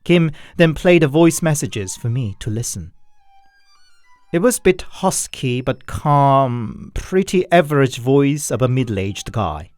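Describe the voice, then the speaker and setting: A man narrating scary stories in a slow, measured way. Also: medium pitch, animated, no room sound. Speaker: storyteller. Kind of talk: scripted horror narration. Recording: dry, with soft violin music. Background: faint violin music.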